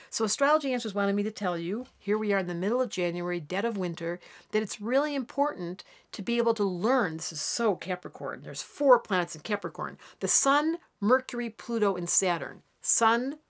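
A woman astrologer gives a daily horoscope straight to her viewers. Her delivery is chatty and animated. She slips into quick character voices to act out the signs. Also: medium pitch. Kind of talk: daily horoscope talk to camera.

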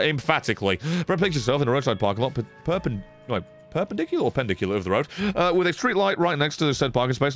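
A young man commentates his own gameplay, swearing freely and jumping between grumbles and excited yelps. His pitch swings widely as he talks. Faint game music plays underneath. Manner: sweary, excitable, laughs often. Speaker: streamer.

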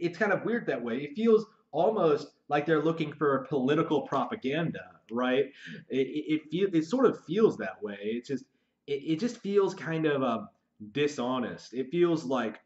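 A man's voice: a little high, animated, measured pace, a little mellow, highs cut off. A man talking off the cuff to his channel about his writing, stumbling over his words with many fillers and restarts, sounding frustrated. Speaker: aspiring novelist vlogger. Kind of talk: unscripted monologue to camera.

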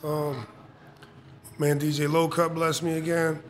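A man's voice: a little high, level tone, a little hiss or hum. A man guesting as a rapper on a podcast, joking around in slangy talk. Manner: joking, slangy, quick asides. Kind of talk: casual interview chat.

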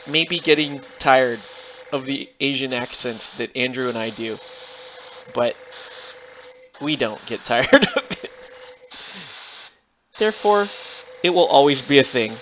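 A man's voice: mid-range voice, expressive, measured pace, long pauses, fairly bright tone, lo-fi sound, slight background noise. A man hosting a miniature painting channel, chatting casually and sarcastically while he paints. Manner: rambling, self-amused, sarcastic.

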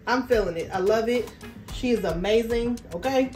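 A woman's voice: a little high, normal speed, far from the mic. A woman vlogger, chatting sassily and animatedly to her viewers during a fashion try-on haul. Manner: sassy, animated, talks straight to viewers with lots of "okay" and "y'all". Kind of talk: casual try-on haul chat. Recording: echoey room, voice off-mic, faint music.

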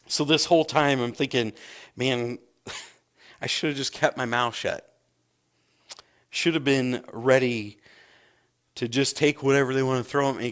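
Bright-voiced animated preacher man. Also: medium pitch. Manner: animated storyteller, acts out voices. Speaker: pastor. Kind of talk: sermon with storytelling.

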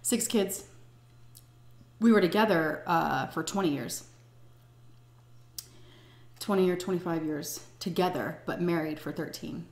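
A woman's voice: on the low side, measured pace, long pauses, darkish tone, reverberant. Blunt, profane middle-aged woman storyteller. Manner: blunt and profane, vivid retelling. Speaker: storytime vlogger. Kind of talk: casual storytelling. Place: indoors at home, eating on camera.

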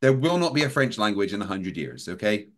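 A man's voice: lowish voice, sing-song, a little fast. Rambling man co-hosting a livestream. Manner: rambling anecdotes with many fillers. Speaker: show co-host. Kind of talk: casual livestream aftershow chat.

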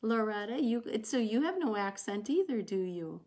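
A woman's voice: fairly high pitch, very animated, moderate pace, darkish tone. A woman with a Wisconsin accent hosting a casual livestream, chatting with viewers while she paints. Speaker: craft livestream host. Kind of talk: casual livestream craft chat.

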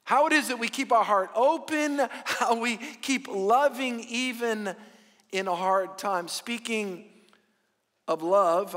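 High-voiced pastor preaching in a hall. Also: male voice, fairly bright tone. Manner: folksy storytelling with joke voices. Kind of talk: sermon. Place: church auditorium. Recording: reverberant hall.

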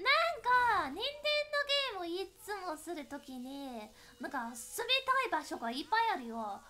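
A woman streaming a video game, playful and excitable, mixing in Japanese as she comments. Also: sits high, racing. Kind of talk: casual gameplay commentary.

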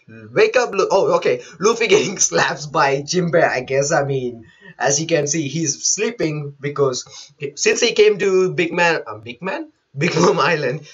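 A man's voice: on the high side, a bit bright, breathy edge, lo-fi sound. A man who is not a native English speaker, chatting through a manga chapter live, reading panels aloud and laughing often. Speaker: manga reaction host. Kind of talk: live reaction commentary.

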